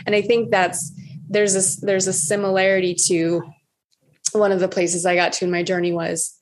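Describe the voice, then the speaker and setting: A woman's voice: medium pitch, level tone, normal speed. A woman coach in a candid conversation who swears freely and acts out her own past words. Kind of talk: casual conversation.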